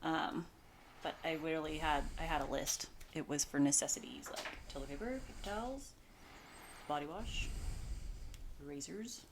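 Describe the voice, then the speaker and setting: A woman's voice: deep voice, normal speed, pauses often, noisy background. A young woman co-hosting a podcast, chatting casually and laughing easily. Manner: giggly, easygoing. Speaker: podcast co-host. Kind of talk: casual chat.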